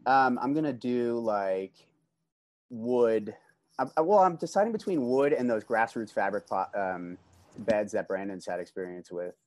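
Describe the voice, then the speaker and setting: On a relaxed podcast, a man from California talks about growing in his greenhouse, using slang and frequently starting over mid-thought. He speaks a little slowly in a fairly low voice, and there's no room sound.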